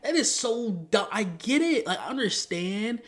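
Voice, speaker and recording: A man reviewing movies in a casual rant. He swears a lot, rambles, and breaks into sudden loud outbursts. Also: high-pitched, expressive, moderate pace.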